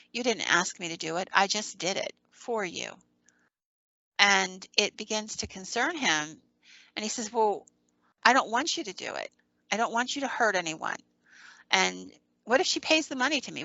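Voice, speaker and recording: A woman hosting a podcast, retelling a story with quoted dialogue, pausing with ums and restarting sentences. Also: mid-range voice, creaky, bright, forceful tone, no echo, lo-fi sound. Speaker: podcast host. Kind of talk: casual storytelling.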